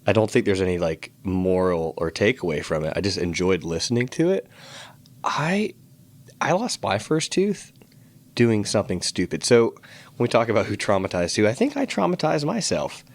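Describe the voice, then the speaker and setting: A man's voice: lowish voice, very animated, moderate pace. A man from Virginia co-hosting a podcast, chatting casually with playful, teasing questions. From Fairfax, Virginia, USA. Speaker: podcast co-host. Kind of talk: casual chat.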